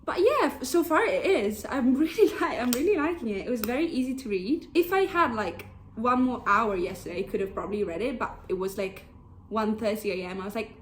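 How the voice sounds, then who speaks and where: A woman's voice: a little high, expressive, fairly quick, a little hiss or hum. Bubbly young woman chatting about books. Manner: chatty, bubbly, with many "like" fillers. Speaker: book vlogger. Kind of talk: casual chat.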